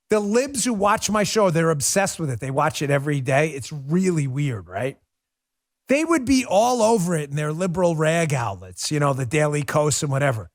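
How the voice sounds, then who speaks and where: A male commentary host with a fairly high voice that swings widely up and down. He talks in a sarcastic, incredulous monologue style and mocks what he reports on. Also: big pitch swings, normal speed, no echo, clean studio sound. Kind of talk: opinion show monologue.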